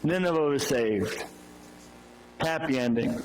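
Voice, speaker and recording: A man's voice: a little high, moderate pace, slight background noise, poor audio. A male pastor preaching a sermon, retelling a Bible story in a loose, storytelling way with restarts and asides.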